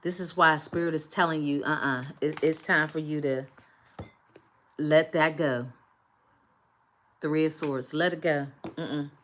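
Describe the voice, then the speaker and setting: A woman's voice: sits low, fairly even intonation, measured pace, long pauses, fairly bright tone, a little hiss or hum. A woman doing a collective tarot reading, speaking emphatically and repetitively straight to her viewers. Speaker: tarot reader.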